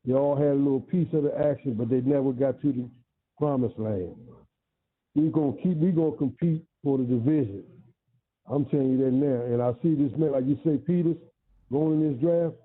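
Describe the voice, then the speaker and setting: A man calling in to a sports radio show, excited and boastful in a slangy way. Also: medium pitch, fairly quick. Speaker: caller. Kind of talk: call-in radio talk. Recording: phone line.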